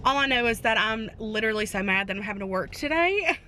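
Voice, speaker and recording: A young woman, chatting casually in her reading vlog, excitable and full of rhetorical questions, recorded on a handheld phone. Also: on the high side, quick pace, a little hiss or hum. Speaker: book vlogger. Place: indoors, then moving between spots without a tripod.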